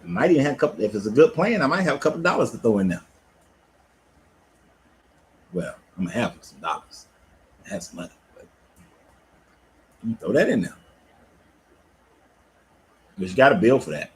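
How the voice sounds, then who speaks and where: A man's voice: mid-range voice, fairly quick, pauses often, a little hiss or hum, rough recording. A man, a life coach and cigar lounge owner, talking casually and profanely on a livestream from his lounge. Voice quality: laid-back, profane, animated storytelling.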